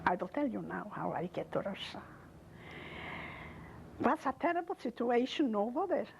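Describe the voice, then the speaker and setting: An older woman from Poland giving an oral history testimony, speaking in halting, emotional English with broken non-native grammar. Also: fairly high pitch, sing-song, gravelly, a little hiss or hum, rough recording. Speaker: interviewee.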